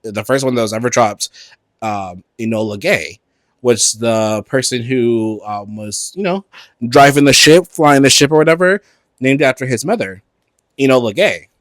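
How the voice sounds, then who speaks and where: A man's voice: mid-range voice, normal speed, no room sound. A man, co-hosting a podcast in a casual, profane, campy rant. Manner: animated, profane, campy, switches into mocking voices. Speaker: podcast co-host.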